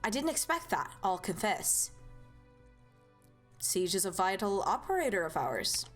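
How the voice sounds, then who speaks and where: A woman's voice: mid-range voice, very animated, measured pace, soft background music. A woman streamer voicing a poised, courteous noblewoman, speaking in a composed and formal way.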